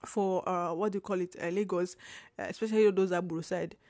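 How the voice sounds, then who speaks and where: A young woman from Nigeria with a Nigerian accent, hosting a casual solo podcast in an animated way, full of laughter, restarts and Pidgin asides. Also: on the low side, quick pace, no echo, clean studio sound. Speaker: podcast host.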